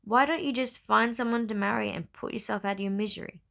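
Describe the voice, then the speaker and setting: A woman reading the lines of a dry, guarded young duke in a novel narration, in her own gravelly voice. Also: fairly high pitch, fast, a bit bright. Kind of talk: audiobook-style novel reading.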